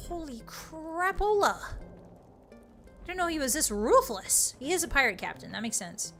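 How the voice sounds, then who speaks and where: A woman streamer giving excitable, casual commentary while playing a game, bursting into exclamations and now and then slipping into playful pirate talk. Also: a little high, normal speed, creaky, faint music behind.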